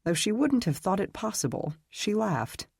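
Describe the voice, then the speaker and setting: Male audiobook narrator, measured dramatic reading, dry close recording. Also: high voice, big pitch swings, gravelly, slightly rough, no room sound. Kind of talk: scripted narration.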